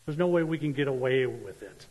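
A man's voice: mid-range voice, expressive, brisk, a little mellow. A male preacher delivering a sermon emphatically and repeating key points for stress. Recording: long church-hall reverb.

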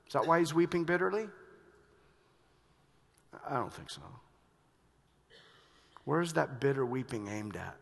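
A male pastor preaching a sermon, moving between hushed reflection and loud, urgent emphasis. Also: medium pitch, sing-song, unhurried, creaky, long pauses. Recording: long reverb of a large hall.

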